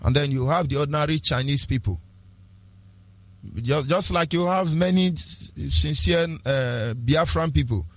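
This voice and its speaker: A man's voice: on the high side, a little slow, fairly bright tone. A man with a Nigerian accent, delivering an impassioned, preachy political radio talk with repeated rhetorical phrases and lapses into pidgin. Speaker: radio broadcaster.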